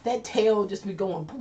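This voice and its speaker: This chatty woman hosts a casual chat, reading viewer comments, laughing often and trailing into restarts. Her voice is a little high with a warm tone. She's recorded on a distant lo-fi mic with faint noise.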